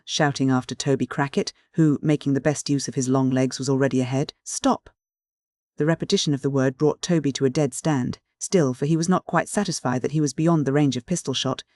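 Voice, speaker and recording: A man reads a classic novel aloud in a measured, even storytelling voice. His pitch sits in the middle range. The recording is dry and close, with no room sound. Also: dry recording. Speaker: audiobook narrator. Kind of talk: scripted classic novel narration.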